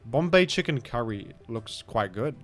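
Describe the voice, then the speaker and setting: A man's voice: mid-range voice, expressive, a little slow, fairly bright tone, soft background music. Rambling Australian man mumbling asides. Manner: rambling, self-deprecating, trails off into mumbled asides. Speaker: gaming streamer. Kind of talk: casual rambling game commentary.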